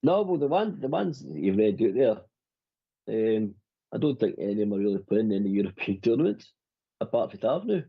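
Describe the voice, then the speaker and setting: A man's voice: fairly low pitch, very animated, fairly quick, creaky, slightly rough. A man hosting a football fan phone-in, chatting casually and calling his co-host "mate" all the time. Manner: matey, calls the other man "mate" constantly. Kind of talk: casual chat. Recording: dull lo-fi audio.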